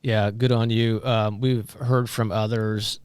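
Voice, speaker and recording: A man hosting a podcast, responding to his guest in a calm, affirming way. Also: lowish voice, takes it slowly, clear, resonant tone, no echo. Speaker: podcast host. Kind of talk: casual interview chat.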